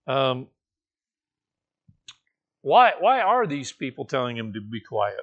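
A man's voice: mid-range voice, sing-song, slow pace, fairly bright tone, muffled recording. A man preaching a conversational sermon, correcting himself as he goes and rising now and then to emphatic, raised passages. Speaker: pastor.

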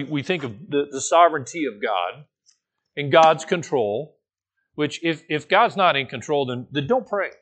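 A man preaching a conversational sermon as a pastor teaching a Bible study, informal and animated, with playful asides and light laughs. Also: on the high side.

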